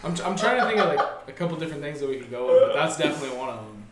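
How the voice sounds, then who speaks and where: A man's voice: fairly high pitch, big pitch swings, rapid-fire, a bit bright. A young man co-hosting a podcast in casual chat, hesitant and stammering, laughing along. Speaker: podcast co-host. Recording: echoey room, off-mic, faint ambience.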